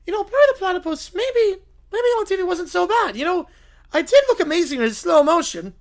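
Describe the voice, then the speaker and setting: A vain middle-aged cartoon mad scientist, voiced by a man, rambles in a raised voice and brags about himself. The delivery is quick and self-satisfied. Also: very high voice, sing-song, pitched above the performer's own voice, full character voice.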